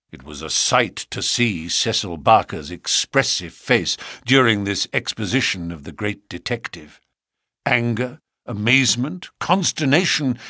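A man reading a novel aloud as an audiobook narrator, with expressive storytelling. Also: fairly low pitch, no room sound, studio quality. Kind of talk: scripted narration.

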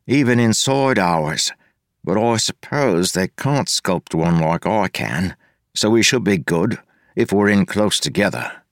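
A gruff male street tough who growls his words in rough slang, as a narrator voices him. Deep and lively, with a dry close sound. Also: measured pace, dry recording.

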